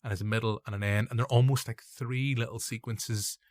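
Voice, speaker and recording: A man's voice: mid-range voice, fairly even intonation, fairly quick, darkish tone, dry recording, clean studio sound. A man with a Northern Irish accent hosting a casual film review podcast, sounding a little nasal and congested. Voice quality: gravelly, a bit nasal. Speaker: podcast host.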